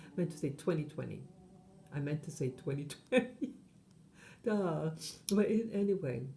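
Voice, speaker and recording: A woman's voice: deep voice, warm tone, a little hiss or hum. A woman hosting her channel, talking in a meandering monologue full of fillers and self-corrections. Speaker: channel host. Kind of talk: rambling monologue.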